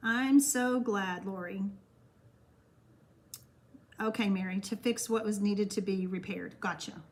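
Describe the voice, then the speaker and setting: With a medium-pitched, slow voice and a little hiss or hum in the audio, an older Texan woman teaches card-making on a live stream. She's chatty, reading viewers' comments aloud and answering each warmly.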